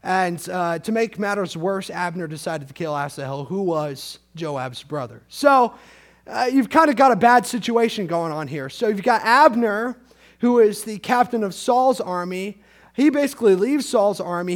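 A man with a high-pitched voice preaches a sermon, moving between solemn scripture reading and casual retelling. He swings from quiet, low passages to loud, emphatic peaks, filling his retelling with everyday fillers. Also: lively intonation, normal speed. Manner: conversational paraphrase of scripture with fillers.

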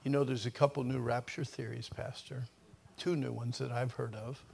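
An older man preaching a sermon with a personal story, animated, his voice surging loud and dropping to near whispers. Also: mid-range voice, normal speed, vocal fry, breathy edge.

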